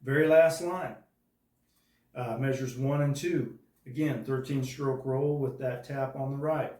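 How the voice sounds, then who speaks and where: A man's voice: mid-range voice, steady tone, unhurried, dark tone. A man teaching a drum part step by step, patiently counting out the rhythms aloud. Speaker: drum instructor. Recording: echoey room from far off.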